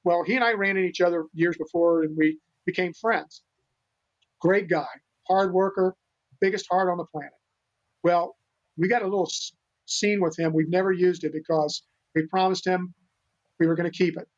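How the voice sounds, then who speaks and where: Older male guest, high-pitched, earnest and rambling; muffled lo-fi audio. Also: steady tone, moderate pace. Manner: earnest, rambling, many restarts. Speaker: guest, animal rescuer. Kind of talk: storytelling interview talk. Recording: dull lo-fi sound.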